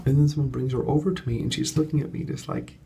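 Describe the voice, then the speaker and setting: A man talking in an unedited casual vlog at home at night, chatty and animated, telling a story with lots of fillers. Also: mid-range voice, fast, creaky, a little hiss or hum. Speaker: vlogger and course coach. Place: home studio apartment at night.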